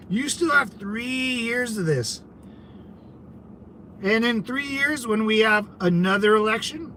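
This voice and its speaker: A man hosting a casual livestream, answering chat in a brash, combative and mocking way, with loud outbursts. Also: sits high, a little hiss or hum, rough recording. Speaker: channel host reading live chat.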